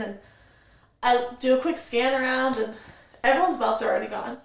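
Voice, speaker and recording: A woman recounts her own experience as a guest on an interview show, steady and vivid, slipping into quoted dialogue as she goes. Her voice sits a little high and carries a gravelly fry. The recording has a roomy echo around it. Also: fairly quick. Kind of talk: personal storytelling in an interview.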